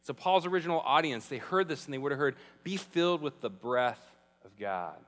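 A male pastor preaching a sermon in a conversational, emphatic way, slowing down on key phrases. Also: a little high, animated, a bit bright, long reverb tail. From Arizona, US.

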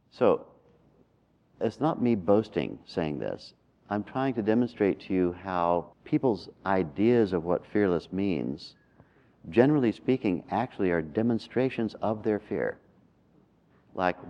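A man, a meditation teacher, telling a personal story in a calm, measured and reflective way. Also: low-pitched, gravelly. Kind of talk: storytelling in a talk. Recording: dull lo-fi recording.

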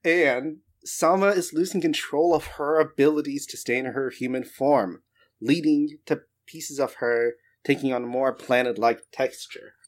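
A game master narrating a tabletop adventure in a relaxed, joking way. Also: mid-range voice, normal speed.

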